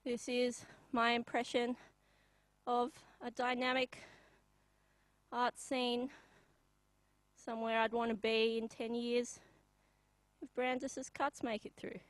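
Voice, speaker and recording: A young Australian woman performing a live comedy bit, deadpan and halting, with many pauses and ums. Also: on the high side, no room sound, rough recording.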